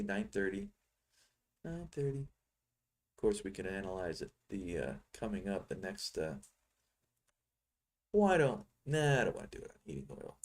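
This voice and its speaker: A middle-aged man giving rambling, teasing live commentary on his trading screen, thinking aloud as he goes. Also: lowish voice. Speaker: futures trading software seller.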